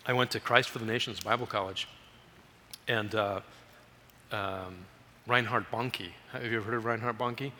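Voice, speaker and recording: A man preaching as a guest missionary in a church, telling stories in an animated way and raising his voice for emphasis. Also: on the low side, moderate pace, long pauses, in a large hall, slight background noise. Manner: animated storytelling, raises voice for emphasis. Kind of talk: sermon. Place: church sanctuary.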